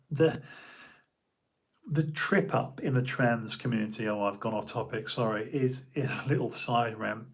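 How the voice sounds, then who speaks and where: A man's voice: mid-range voice, vocal fry. A middle-aged man, a personal trainer giving an opinionated, rambling monologue full of restarts and asides on his own show. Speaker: podcast host and personal trainer.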